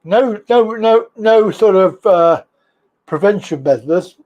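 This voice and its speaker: A man's voice: sits high, animated, slow, lo-fi sound. A man with a Birmingham accent hosting a casual live stream, chatty and teasing with callers. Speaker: livestream host.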